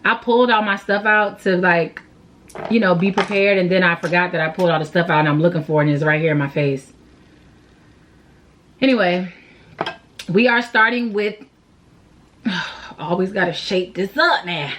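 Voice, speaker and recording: A woman's voice: fairly low pitch, steady tone, moderate pace, long pauses, fairly bright tone. A young woman, a beauty vlogger, rambling through a makeup tutorial in a slangy, playful way, laughing and sighing often. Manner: rambling, self-deprecating, laughs and sighs often.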